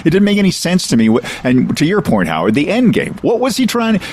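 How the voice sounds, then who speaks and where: A man's voice: high voice, wildly swooping pitch, fast, darkish tone. A man in a casual conversation, chiming in with wry side comments. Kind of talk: casual chat.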